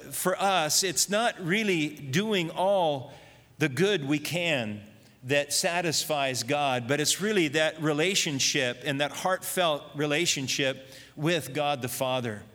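A man preaches in a church hall, earnest and reflective, taking his time as he tells a story. His voice sits a bit high and sounds bright and clear. A long reverb trails after each phrase. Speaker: pastor. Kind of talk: sermon.

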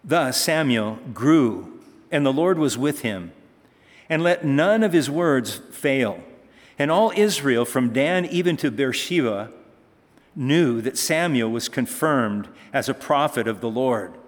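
A man's voice: medium pitch, animated, takes it slowly. Man preaching in a reverberant hall. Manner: conversational, reads scripture then comments, rising emphatic passages. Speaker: pastor. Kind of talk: sermon, Bible teaching.

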